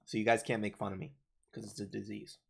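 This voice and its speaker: A man's voice: lowish voice, flat delivery, fast talker, creaky, a little hiss or hum. A young man hosting a livestream, chatting casually and rambling through viewer comments with lots of fillers and restarts, his voice a little worn from talking. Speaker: livestream host. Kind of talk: casual live chat reading viewer comments.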